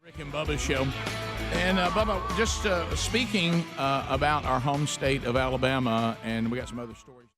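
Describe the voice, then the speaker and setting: A man hosting a talk radio show, speaking earnestly with many halting restarts. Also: medium pitch, over music. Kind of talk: casual talk radio chat. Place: radio studio. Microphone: studio microphone.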